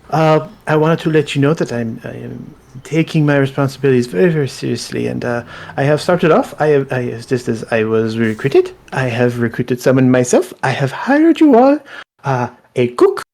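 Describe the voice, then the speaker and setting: A man's voice: fairly high pitch, gravelly, darkish tone, voice pushed up. A man voicing a nervous, earnest female major domo who stammers dutifully.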